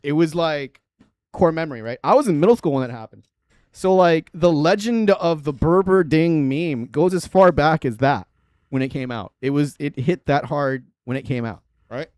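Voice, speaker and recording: A man's voice: fairly high pitch, normal speed, a little mellow, clear, resonant tone, dry recording. Rambling man in his thirties streaming. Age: 30s. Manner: rambling and filler-heavy, often laughing. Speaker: livestream host and bass player. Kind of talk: casual livestream chat.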